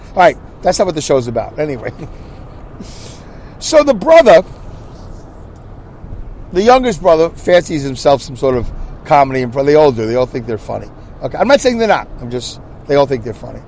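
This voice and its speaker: Animated, exasperated male podcast host. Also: a little high, fairly quick, pauses often, a little hiss or hum. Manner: animated, exasperated ranting with repeated restarts. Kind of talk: casual storytelling monologue.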